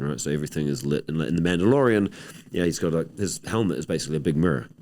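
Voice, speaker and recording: A film director with a New Zealand accent chatting casually in an interview on stage, relaxed and rambling with deadpan jokes. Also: male voice, a bass voice.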